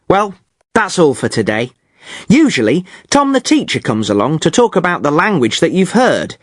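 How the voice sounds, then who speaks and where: Animated man hosting a learner podcast. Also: high-pitched, no room sound, studio quality. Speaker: podcast host. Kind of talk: scripted learner podcast presenting.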